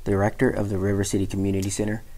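A man who directs a community center, reading a children's story aloud in a lively storyteller manner. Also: fairly low pitch, very fast. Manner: lively storyteller with sound-effect voices.

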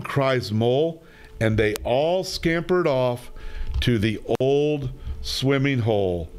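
Slow, expressive male storyteller. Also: mid-range voice. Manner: slow, expressive, sing-song. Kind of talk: children's story reading.

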